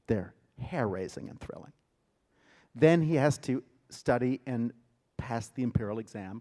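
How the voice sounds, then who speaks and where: A man, a theater director, giving a lecture and retelling a story with dramatic emphasis and sudden loud bursts. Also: on the low side. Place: lecture hall.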